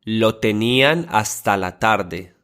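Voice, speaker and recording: A man reading example sentences slowly and carefully for learners, often saying each one twice. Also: on the low side, animated, fairly bright tone, smooth. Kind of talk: slow model pronunciation.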